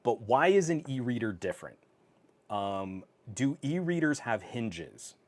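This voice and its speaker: A man's voice: mid-range voice, big pitch swings, unhurried. A man hosting a casual tech livestream from his home office, reading viewer comments, laughing often and talking with many fillers. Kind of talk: casual live-stream chat. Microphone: on camera.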